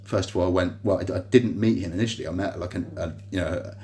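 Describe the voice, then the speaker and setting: A vlogger with a low, warm voice talks fast as he recounts a grievance to his phone on a tripod. Sitting in a hospital room, he rambles on, stopping to restart and leaning on fillers.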